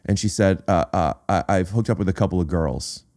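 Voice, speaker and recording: A man's voice: low voice, fairly quick, a little mellow. A man hosting a podcast, telling a personal story in casual chat, often stopping to repeat words and say uh. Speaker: podcast host.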